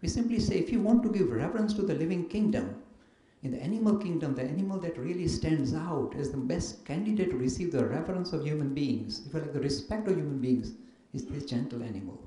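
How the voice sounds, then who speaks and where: Male speaker, higher voice, mellow tone, lively lecturer, echoey hall. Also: quick pace, hardly any pauses. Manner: animated storyteller, mimics others in dialogue. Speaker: invited speaker answering questions. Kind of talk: lively lecture with acted anecdotes. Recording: echoey room with faint noise.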